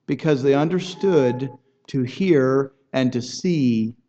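A man's voice: mid-range voice, slow, mellow. Earnest preacher man, dull lo-fi sound. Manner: earnest, building in intensity with rhetorical questions; repeats words and restarts phrases. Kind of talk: sermon.

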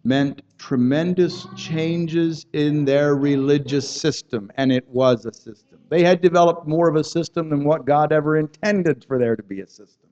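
A man's voice: fairly high pitch, moderate pace, a little mellow, dull audio. A man preaching a sermon, earnest and building in intensity, often repeating words and restarting phrases as he goes.

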